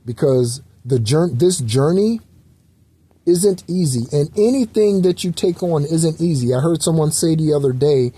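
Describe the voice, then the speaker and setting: Rambling man with a mellow voice. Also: a little high, animated, unhurried, breathy edge. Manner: loose, rambling, repetitive with fillers and occasional swearing. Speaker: spiritual channel host. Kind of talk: casual spiritual talk.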